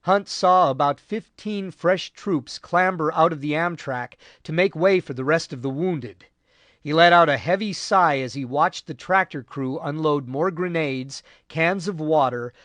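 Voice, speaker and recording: A man narrating a war history audiobook in a measured, grave way. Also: a little high, fairly bright tone, no room sound. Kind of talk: scripted narration.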